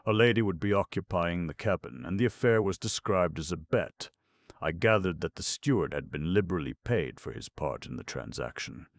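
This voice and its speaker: This male audiobook narrator has a very deep, gravelly voice and reads scripted narration in a measured, even storytelling style, with no echo on the recording.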